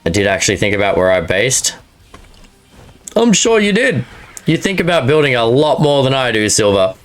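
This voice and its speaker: A man's voice: mid-range voice, sing-song, moderate pace, faint music behind. A man streaming a game live, chatting casually to his viewers and laughing at his own jokes. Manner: chatty, talks to chat and viewers by name. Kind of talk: live gameplay stream chat.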